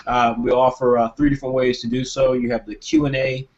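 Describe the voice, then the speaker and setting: A man's voice: mid-range voice, level tone, brisk. Man hosting a live online Q&A. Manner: friendly, rambling announcements with fillers. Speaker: host. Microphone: video call. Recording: dull lo-fi call audio.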